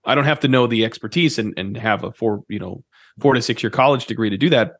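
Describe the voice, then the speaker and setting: A man speaking as a podcast guest, relaxed and plain-spoken about how he learns. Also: mid-range voice, quick pace, no echo, studio quality. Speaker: business guest. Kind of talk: podcast interview.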